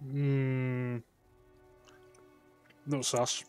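A man's voice: mid-range voice, monotone, very slow, darkish tone, clean tone, faint music behind. A man streaming a video game live, making sarcastic, joking remarks over the game's dialogue. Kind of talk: live gameplay commentary.

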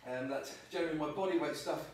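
A man's voice: on the high side, fast talker, a little hiss or hum. A male fitness trainer leading a live workout, upbeat and coaching, counting reps aloud. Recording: echoey room, mic far off.

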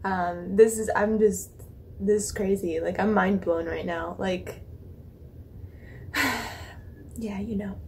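A young woman hosting a reaction video, gushing and rambling in excited casual chat, swearing and laughing as she talks. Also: mid-range voice, slow pace, creaky, pauses often, a little hiss or hum.

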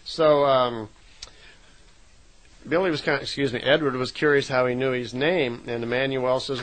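A man's voice: medium pitch, moderate pace, long pauses, poor audio. Man casually retelling a long story. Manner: relaxed retelling with frequent fillers and self-corrections. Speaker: lecturer retelling a contact story.

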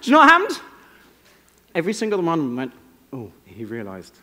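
A man's voice: on the high side, huge pitch swings, fairly quick, pushed and bright. An English man giving a keynote talk on a conference stage, telling wry, self-deprecating stories. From England. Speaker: conference speaker. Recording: long reverb of a large hall.

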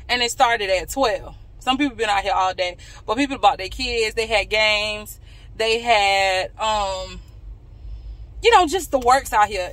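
A woman vlogging casually to her viewers from her car, candid and playful with quick asides. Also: mid-range voice, fairly bright tone. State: out of breath. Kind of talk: casual vlog talk to camera. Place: walking outdoors, then sitting in her car.

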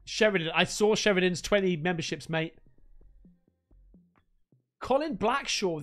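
Guy streamer, lively up-and-down delivery, excitable and sweary, faint music underneath. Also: high voice, unhurried, long pauses. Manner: excitable, sweary, calls everyone mate. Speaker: livestreamer. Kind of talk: live stream, thanking donors and unboxing gifts.

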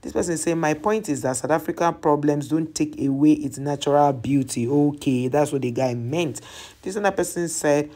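A host talks casually through a list of viewer comments. Each comment is read aloud and then explained in plain, chatty terms. The voice sits at a middle pitch. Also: moderate pace, dark tone. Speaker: travel channel host.

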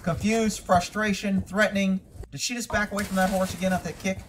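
Blunt, lecturing man with a high voice. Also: little pitch movement, brisk, recorded from a distance, background noise. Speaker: horse trainer. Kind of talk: video critique commentary.

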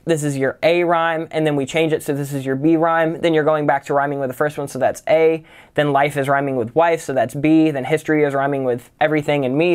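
A man's voice: on the high side, clear, resonant tone. A man teaching songwriting in a casual tutorial, talking loosely and filling his sentences with "kind of" and "like". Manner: relaxed, loose, full of "kind of" and "like".

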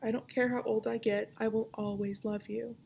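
A woman's voice: fairly high pitch, little pitch movement, normal speed, vocal fry, dark tone, highs cut off, slight background noise. A woman reading aloud and voicing an earnest little girl who protests indignantly at a bedtime story.

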